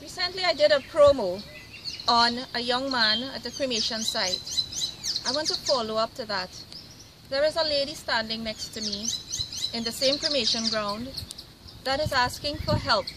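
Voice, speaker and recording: Outdoors at a cremation ground, a spiritual medium with a high-pitched voice delivers an earnest address at normal speed, pleading and repeating herself. Loud background noise and birdsong run beneath her words.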